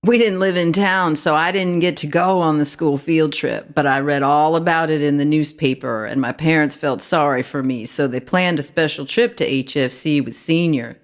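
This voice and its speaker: A woman's voice: deep voice, moderate pace, hardly any pauses, close to an everyday voice. Woman playing a chatty young cop. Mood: nostalgic. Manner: polite, folksy, rambling. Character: young police officer, friendly and chatty.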